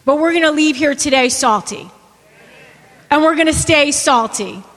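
A woman's voice: high-pitched, moderate pace, fairly bright tone, big-room sound. A woman pastor preaching a sermon to her church, asking the congregation questions and repeating key phrases for emphasis. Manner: preaching with rhetorical questions and repetition.

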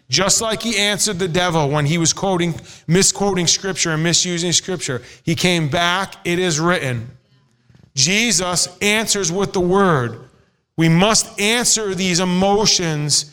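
A man's voice: high-pitched, a bit bright, smooth. A middle-aged male pastor preaching a sermon in a conversational way, acting out quoted voices. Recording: hall reverb.

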